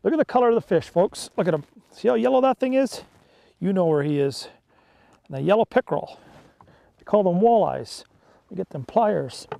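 A man chatting excitedly and folksily while fishing from a small boat on a lake. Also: high-pitched, moderate pace, creaky, pauses often, dry recording. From Canada. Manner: excitable, folksy, peppers talk with "eh". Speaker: fishing vlogger. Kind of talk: casual on-the-water chat.

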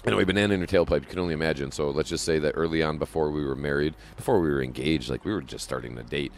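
A man's voice: very deep voice, rapid-fire. A young man co-hosting a podcast, rambling and joking in a profane, casual way. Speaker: podcast co-host. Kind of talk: casual crude banter.

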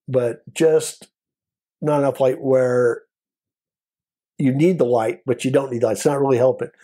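An older man, a former border patrol agent, telling a story in an interview in a lively way and acting out the voices of the people in it. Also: mid-range voice, husky. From United States. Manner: animated storyteller, acts out quoted voices.

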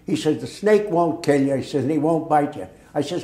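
A man's voice: fairly high pitch, normal speed. Older man telling war stories. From Massachusetts. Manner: lively storyteller who acts out quoted dialogue. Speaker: veteran interviewee. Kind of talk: oral history storytelling. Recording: echoey room.

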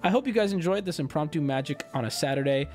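A man with a slightly high, fast voice streams live, chatting casually with viewers as he opens card packs. He swears and swings between loud bursts and mumbling.

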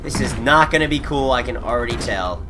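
A man giving excitable, profane commentary on his gameplay, with hyped whoops and trash talk. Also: medium pitch, a little fast, very noisy. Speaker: gameplay video creator. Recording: game sound loud under voice.

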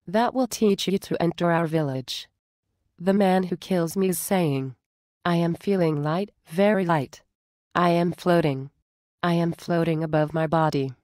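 A woman reading a story aloud in a plain, steady way, close to a dry home mic. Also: lowish voice, no room sound.

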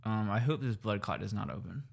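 A man in his twenties co-hosting a casual podcast, speaking with a slight lisp from new braces, laid-back and quick to laugh. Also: fairly low pitch, gravelly, slightly rough. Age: 20s. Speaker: podcast co-host. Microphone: podcast microphone.

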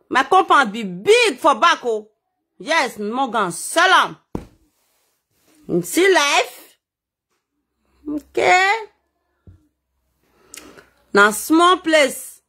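A Nigerian-accented woman tells gossip stories in a casual vlog, her fairly high voice animated as she exclaims and repeats words for effect.

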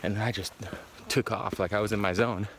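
A man talks to a handheld camera on a road-trip vlog, rambling and easily excited, dropping casual swears. His voice sits on the low side. Steady background noise runs clearly under the outdoor recording. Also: a little fast. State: out of breath while hiking. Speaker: van travel vlogger. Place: outdoors in a forest and in a van.

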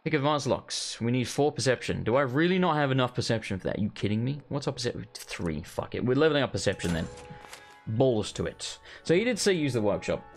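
Chatty, sweary gamer. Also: male voice, mid-range voice, big pitch swings, quick pace, soft background music. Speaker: gaming host. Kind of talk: casual let's play commentary.

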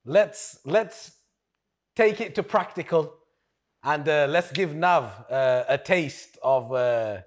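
A man's voice: a little high, animated, takes it slowly. A man co-hosting a comedy sketch, playful and going along with the bit. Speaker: co-host.

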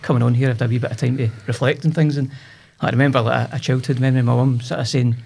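A man's voice: mid-range voice, level tone, very fast, vocal fry, darkish tone, breathy edge. A Scottish man in his forties, a podcast guest telling stories about his past in a chatty, self-deprecating way. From Scotland. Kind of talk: casual podcast chat.

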